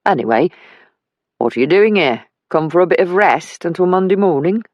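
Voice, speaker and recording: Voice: mid-range voice, animated, moderate pace, dry recording, highs cut off, close to an everyday voice. A narrator voicing an older working-class father who talks plainly and kindly in an audiobook. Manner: plain, homely speech. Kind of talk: audiobook character voice.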